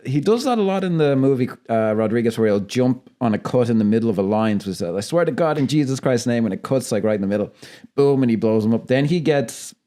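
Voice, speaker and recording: A man's voice: medium pitch, lively intonation, quick pace, mellow. A man co-hosting a film podcast in casual chat, swearing a lot, laughing often and acting out lines from movies. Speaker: podcast co-host.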